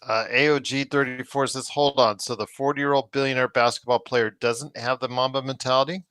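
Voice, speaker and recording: A man's voice: medium pitch, level tone, a little fast, a bit bright, clean tone, dry recording. A man hosting a podcast, reading out chat comments and pushing back on his guest.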